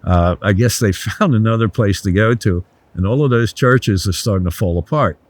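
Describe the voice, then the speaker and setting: An older man, a resort founder, telling blunt, animated anecdotes in a casual interview, swearing freely. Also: lowish voice, normal speed, dry recording.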